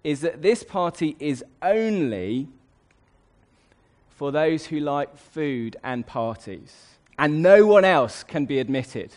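A man voicing a gracious elderly queen, cheerful and bright, in a sermon illustration. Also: a little high, expressive, slow pace.

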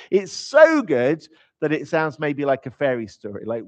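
A man's voice: on the high side, huge pitch swings, moderate pace. A man preaching in an informal, conversational way. He is emphatic and drops in humorous asides. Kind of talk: conversational sermon. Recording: slightly dull, lo-fi sound.

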